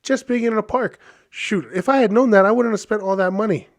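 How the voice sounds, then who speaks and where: A man from Hawaii in his thirties, a podcast host telling a casual story in a chatty, animated way with many fillers. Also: high-pitched, fairly quick, creaky.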